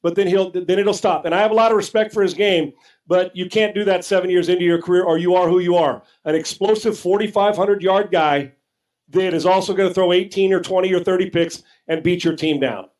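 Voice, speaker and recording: A man's voice: high voice, fairly even intonation, a little fast, a little mellow, poor audio. A man co-hosting a sports talk show, arguing emphatically and casually with some profanity, often repeating words as he starts a sentence.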